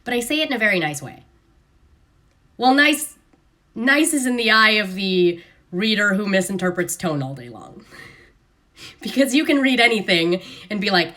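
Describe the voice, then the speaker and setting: A woman hosting a casual live stream on her phone, talking in an animated, sarcastic way and mimicking other people's voices. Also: medium pitch, normal speed, long pauses. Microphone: phone camera.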